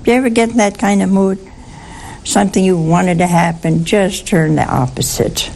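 A woman's voice: mid-range voice, moderate pace, vocal fry, a little mellow, slight background noise. A woman giving an informal Bible teaching to a group, talking conversationally and often putting questions to her listeners.

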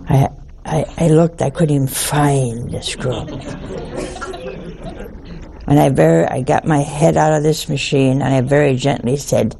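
An older woman, a nun, telling a humorous story in a slow, folksy manner. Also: a bass voice, steady tone, vocal fry, background noise. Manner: slow, folksy anecdotal delivery.

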